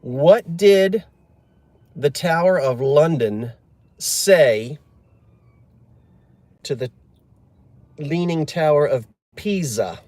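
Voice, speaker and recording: A man's voice: on the high side, lively intonation, drawn-out words, long pauses, darkish tone, no echo. A man chatting casually on a live stream, joking and answering viewer comments. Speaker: livestream host.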